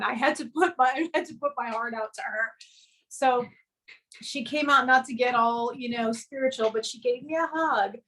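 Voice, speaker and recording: A woman from the American South recounts her early days in a rambling, earnest way, acting out the people in her story as she goes. Her voice sits a little high for a woman. She is talking over a video call from her home music studio. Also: steady tone, moderate pace, fairly bright tone, rough recording. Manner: earnest, rambling anecdote with quoted dialogue. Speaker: guest actress and filmmaker. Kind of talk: casual storytelling in an interview.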